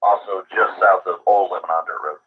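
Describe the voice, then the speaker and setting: A man calling into a ham radio net, relaxed and joking about missing the net. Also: sits low, a little fast, recorded from a distance. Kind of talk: casual radio check-in. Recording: husky voice over a tinny radio link.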